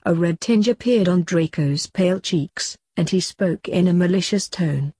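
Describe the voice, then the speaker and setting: A woman reads fanfiction aloud in a steady, even way, her voice low and dark with a husky edge. The sound is dry and close, with no room echo. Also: moderate pace. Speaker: fanfiction reader.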